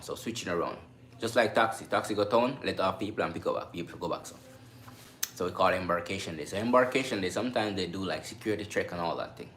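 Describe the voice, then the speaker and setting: A man who works on a cruise ship, telling a story to camera in a casual, animated way and acting out sounds and voices. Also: low voice. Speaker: cruise ship crew member vlogger. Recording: echoey room with faint background noise.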